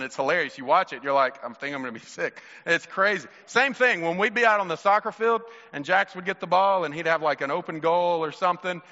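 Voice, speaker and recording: A man's voice: on the high side, sharp tone, lo-fi sound. Man preaching in a reverberant hall. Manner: conversational, storytelling, addresses congregation directly. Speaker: pastor. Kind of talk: sermon.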